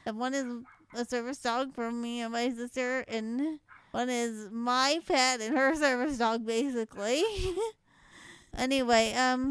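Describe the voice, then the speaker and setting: A woman's voice: a little high, clean tone, dry recording, rough recording. A young woman from Louisiana with a mild Southwest Louisiana accent, chatting and rambling casually as she reads a word list. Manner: chatty, rambling, laughs between words. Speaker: vlogger.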